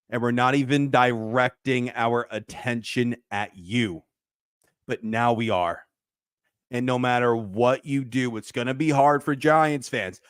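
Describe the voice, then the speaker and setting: A man hosting a sports fan show, ranting and shouting in heated commentary, then dropping into low grumbles. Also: no room sound, studio quality.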